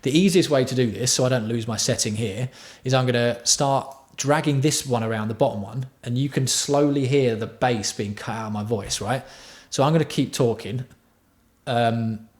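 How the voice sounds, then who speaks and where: A man's voice: medium pitch, normal speed, a little mellow. A man hosting a casual livestream tutorial on music production. He chats with his viewers and swears freely. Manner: chatty, swears freely, answers viewer chat.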